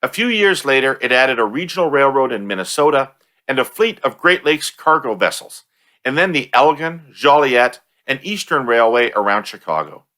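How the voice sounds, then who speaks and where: A man hosting a podcast, chatting casually and reading a sponsor spot, jokey and quick to laugh. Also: medium pitch, big pitch swings, sharp tone. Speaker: podcast host.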